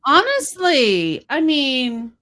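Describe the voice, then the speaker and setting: A woman's voice: high voice, huge pitch swings, extremely slow, sharp tone. A woman co-hosting a podcast, retelling stories with fillers in casual chat. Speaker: podcast co-host.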